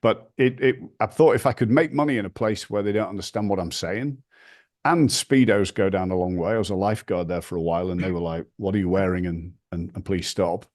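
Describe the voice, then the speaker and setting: A man from the north of England with a northern English accent, a podcast guest telling lively anecdotes and swearing casually. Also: lowish voice, fairly quick. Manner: animated anecdotes, acts out quoted voices, swears casually. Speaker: podcast guest, brand founder. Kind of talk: storytelling interview.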